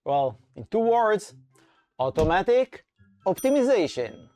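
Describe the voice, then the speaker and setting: A man delivering a scripted conference talk, full of energy and salesmanship. His pitch swings widely as he pitches ideas, and faint music plays underneath. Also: sing-song, measured pace, darkish tone. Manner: enthusiastic, pitching, playful. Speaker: conference speaker and framework core team member.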